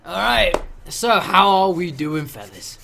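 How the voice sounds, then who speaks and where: A man's voice: high voice, very animated, measured pace, creaky, bright, forceful tone. Young english man, chatty game-master host, swears loads, faint hiss behind. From England. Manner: swearing, mimicking voices, laughing at his own jokes. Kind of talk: casual banter between game sessions.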